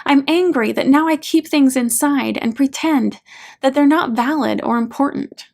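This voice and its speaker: A woman's voice: on the high side, a little slow, vocal fry. A woman voicing a hurt, angry adult man who is pouring out a raw, pleading accusation to his mother. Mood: anguished. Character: hurt, angry adult male therapy client.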